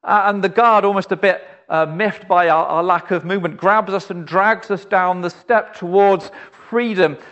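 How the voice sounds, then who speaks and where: A male preacher, telling a vivid story in a sermon and addressing the listener directly, often dropping to a soft, low, pleading voice. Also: fairly even intonation, moderate pace, hardly any pauses, highs cut off.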